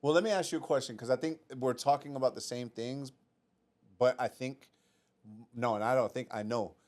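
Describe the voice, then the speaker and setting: A man's voice: medium pitch, steady tone, moderate pace, darkish tone. A man hosting a casual podcast, affirming his guest and talking loosely with lots of "bro". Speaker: podcast host.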